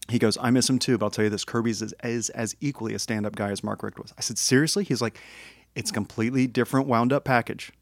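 A gravelly-voiced man of medium pitch talks fast in this studio-quality, echo-free recording. He co-hosts a casual podcast chat, spinning an animated story and acting out the quotes.

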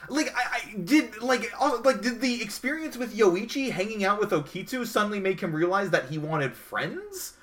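High-pitched and a bit bright, this male co-host has lively intonation and moves at a normal speed with few pauses. He chats casually about anime on a review podcast, rambling and hesitating with plenty of fillers.

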